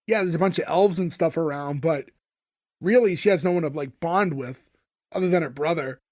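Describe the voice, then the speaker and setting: Male podcast co-host, high voice, rambling casual recap. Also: a little mellow. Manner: rambling, filler-heavy, laughs often. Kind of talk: casual chat recapping a TV episode.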